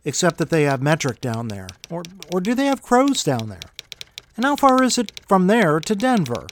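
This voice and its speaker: A man's voice: high voice, huge pitch swings, normal speed, a little hiss or hum. A man hosting a podcast, reading a short story in a casual, wry, musing way with self-deprecating asides.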